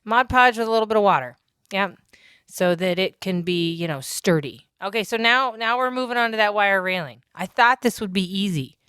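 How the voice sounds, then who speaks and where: A woman talks through her craft project in a loose, joking voice-over, full of self-mocking asides that trail off. Her voice is smooth and clear at a middling pitch. The recording is close-miked and dry. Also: moderate pace, fairly bright tone, dry recording. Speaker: crafter narrating a build. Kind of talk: casual voice-over narration.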